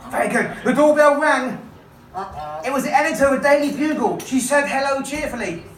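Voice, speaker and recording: A woman's voice: high voice, brisk. A woman magician and comedian telling a comic story to a live audience, playful and coaxing a volunteer along. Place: comedy club stage. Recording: echoey room, voice from far off.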